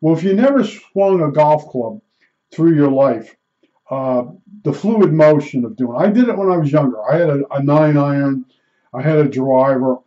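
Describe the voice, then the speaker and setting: A man's voice: a little high, expressive, normal speed, mellow, highs cut off. A man in his seventies talking through his stories in a rambling, self-correcting way. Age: 70s. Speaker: retiree telling stories. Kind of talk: rambling personal monologue.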